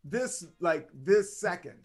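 A man's voice: high-pitched, animated, takes it slowly, slightly rough, soft background music. A man hosting a casual podcast over a video call, upbeat and rambling, with a sing-song delivery. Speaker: podcast host.

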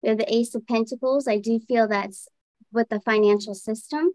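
Female tarot reader, bit high-pitched, dry mic, easy musing delivery. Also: normal speed, dry recording. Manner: relaxed, thinking aloud while reading cards. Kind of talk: casual tarot reading.

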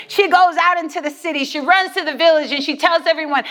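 A woman with a high voice preaches a sermon with animated emphasis, often repeating her key lines for weight. Her voice carries a long reverb, as in a large church. The delivery is lively and punchy. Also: fast talker, few pauses.

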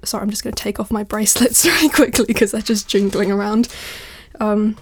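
A woman talking casually on a podcast, chatty and self-deprecating, a little out of breath. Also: fairly high pitch. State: a bit out of breath. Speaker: podcast guest.

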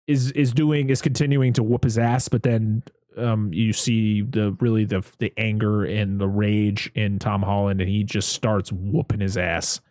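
A man's voice: fairly low pitch, darkish tone, dry recording, clean studio sound. A man hosting a casual chat, rambling through a movie recap and swearing freely.

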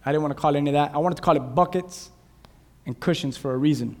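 A pastor with a notably high voice delivers an animated sermon, quizzing his congregation as he goes. His words ring through a long church-hall reverb, picked up on a clip-on lapel mic. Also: quick pace. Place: church sanctuary.

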